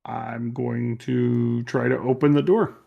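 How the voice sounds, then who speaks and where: A man with a gravelly, mid-pitched voice plays in a tabletop game session. He calmly narrates what his character does, in the third person. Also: slow pace, muffled recording. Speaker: player.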